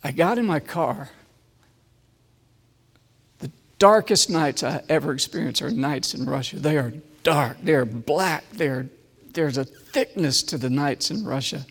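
A man delivers a sermon in a slightly high voice. He moves between loud, emphatic lines and hushed, slow, repeated phrases. A long reverb trails each word, as in a large hall. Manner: dramatic swings from loud emphasis to hushed near-whisper. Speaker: preacher. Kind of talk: sermon with personal testimony.

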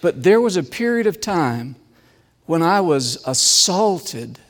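A man's voice: a little high, big pitch swings. Preacher man in a reverberant hall. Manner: dramatic swings from loud emphasis to hushed near-whisper; slow, deliberate, repeated phrases. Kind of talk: sermon with personal testimony.

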